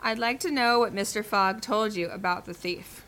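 A woman's voice: mid-range voice, moderate pace, a bit bright, lightly acted. A woman voicing a sly, suspicious male detective in a children's cartoon, speaking insinuatingly.

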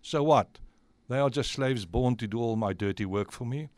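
A man's voice: medium pitch, normal speed, a little mellow, no room sound, natural voice. A man voicing a cruel, scheming female witch in a storybook tale, speaking with contempt. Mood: contemptuous. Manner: sneering and contemptuous. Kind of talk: storybook voice acting.

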